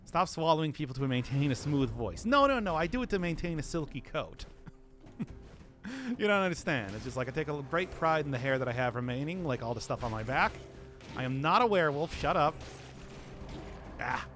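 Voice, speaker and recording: A man's voice: on the high side, lively intonation, fairly quick, long pauses, fairly bright tone, soft background music. A man rambling through casual gameplay commentary, laughing often and mocking himself, his voice groggy from not having talked all day. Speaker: streamer.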